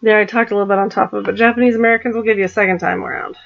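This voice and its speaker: A woman's voice: mid-range voice, steady tone, rapid-fire, gravelly, lo-fi sound. A woman vlogger chatting casually, giggling and apologizing as she stumbles through foreign words. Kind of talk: casual chat.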